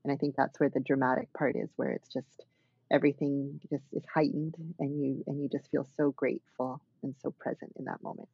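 A woman's voice: a bass voice, flat delivery, fairly quick, creaky, slightly rough, highs cut off. A woman dance artist talking thoughtfully as an interview guest, with many fillers and restarts. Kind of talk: reflective conversational interview.

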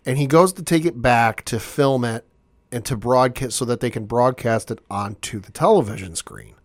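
A man's voice: medium pitch, normal speed, no room sound. Man recapping an episode, dry sound. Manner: rambling, paraphrasing scenes with frequent fillers. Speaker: podcast panelist. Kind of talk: casual chat, episode recap.

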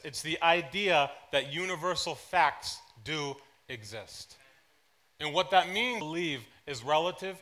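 A man preaching a sermon to a church congregation, telling personal anecdotes in an animated way, dropping to soft asides and then rising into loud excited bursts. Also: fairly high pitch. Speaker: pastor. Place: church service.

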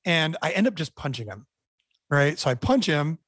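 A man's voice: a little high, sing-song, normal speed, fairly bright tone, no echo. A man in an interview, bluntly telling a wild story and swearing freely. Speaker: band member guest.

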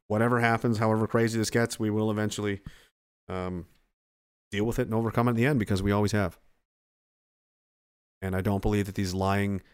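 A man with a lowish, clear, resonant voice delivers a casual, rambling monologue. He swears freely and keeps interrupting himself to restart his sentences.

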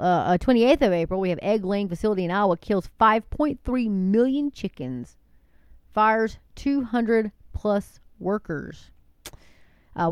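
Chatty woman, smooth dry voice. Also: mid-range voice, darkish tone, dry recording. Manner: chatty, digressive, addresses listeners as folks. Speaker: commentator reading a list of incidents. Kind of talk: casual monologue.

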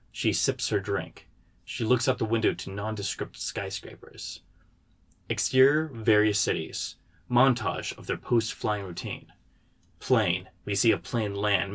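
A man, the writer, reading the stage directions of his screenplay aloud in a steady way. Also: lowish voice, unhurried, slightly rough.

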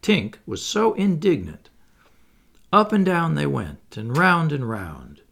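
A man reading a children's story aloud as narrator, in an expressive, playful way. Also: on the high side, slow pace, vocal fry. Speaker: audiobook reader.

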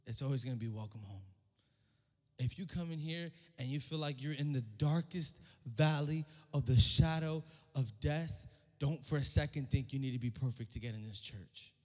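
A young man preaching a sermon as pastor, speaking in casual slang and repeating phrases, swinging between hushed and shouted delivery. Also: mid-range voice. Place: church hall. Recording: long hall reverb.

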